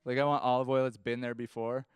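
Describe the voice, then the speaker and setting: A man's voice: medium pitch, little pitch movement, clean tone, no room sound. Rambling young man doing stand-up. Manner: rambling, self-deprecating, halting restarts. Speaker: stand-up comedian. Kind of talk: stand-up set. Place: comedy stage before a live audience.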